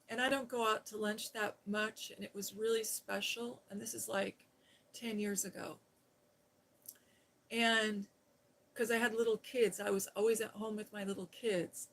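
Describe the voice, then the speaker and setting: A middle-aged woman hosting a live stream, chatting in a rambling, heartfelt, soft-spoken way. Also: mid-range voice, low-quality recording. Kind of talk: casual live-stream chat.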